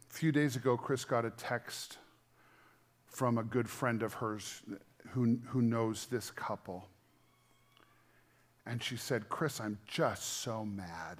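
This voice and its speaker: This middle-aged pastor, whose voice is on the low side, delivers an earnest, conversational sermon that shifts from soft, intimate stretches to louder emphasis.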